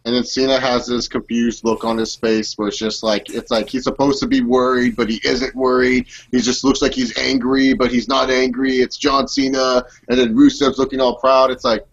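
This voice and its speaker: A man co-hosting a casual wrestling podcast, blunt and opinionated. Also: mid-range voice. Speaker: podcast co-host. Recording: slightly dull, lo-fi sound.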